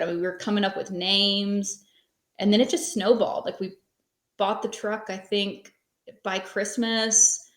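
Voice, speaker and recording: A woman's voice: mid-range voice, fairly even intonation, unhurried. A woman in her thirties, a podcast guest, telling her story in a rambling, conversational way full of fillers. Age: 30s. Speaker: podcast guest, small business owner. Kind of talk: casual interview storytelling. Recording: echoey room.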